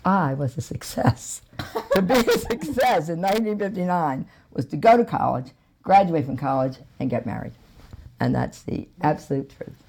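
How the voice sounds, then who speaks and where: A woman's voice: on the low side, animated, normal speed, gravelly, darkish tone, a little hiss or hum. An older woman recalling her past in an interview, telling it in a wry, emphatic way. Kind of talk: recollecting in an interview.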